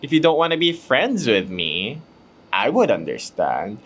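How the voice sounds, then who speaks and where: A man's voice: mid-range voice, huge pitch swings, a little slow, fairly bright tone, slightly rough. A Filipino man hosting his own podcast, chatting casually and mocking himself while fumbling retakes, hot and sweaty in a room at home. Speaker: podcast host. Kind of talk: casual chat mixing English and Tagalog.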